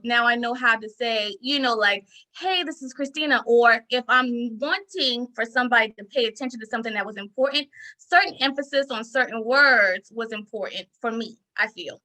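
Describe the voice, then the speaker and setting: A woman insurance broker, a podcast guest, talking casually and telling stories with lively emphasis. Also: on the high side, poor audio. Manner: animated storyteller, acts out quoted lines with emphasis. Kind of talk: casual interview talk.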